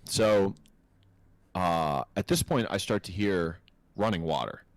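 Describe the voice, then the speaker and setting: Man, deep voice, casual podcast host, swears freely, animated storyteller, dry close sound. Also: takes it slowly, no room sound. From North America. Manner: animated, profane storyteller, laughs a lot.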